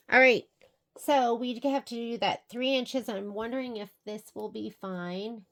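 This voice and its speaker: A woman's voice: medium pitch, moderate pace. A woman teaching a quilting project, talking through each step aloud as she works. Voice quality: chatty, thinks aloud while working. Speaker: sewing instructor. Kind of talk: quilting tutorial.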